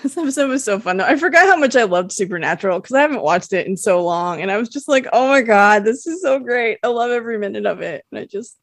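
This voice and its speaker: A woman's voice: medium pitch, lively intonation, quick pace, hardly any pauses, fairly bright tone, no echo, studio quality. A woman co-hosting a podcast, chatting and laughing as she recaps a TV episode and quotes the characters. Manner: chatty and giggly, quotes characters in a lightly acted voice. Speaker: podcast co-host. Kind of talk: casual episode recap chat.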